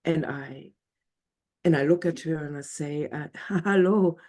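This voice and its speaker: A woman telling a story aloud to an audience, animated, laughing often and dropping into whispers. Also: deep voice, unhurried. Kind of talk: live storytelling.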